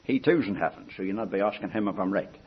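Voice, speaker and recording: An older male preacher delivers a sermon with a husky, slightly rough voice. His pitch climbs and drops widely as he pleads with his listeners. The recording is dull and lo-fi. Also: lively intonation, fast. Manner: earnest, pleading, rises and falls in pitch and loudness.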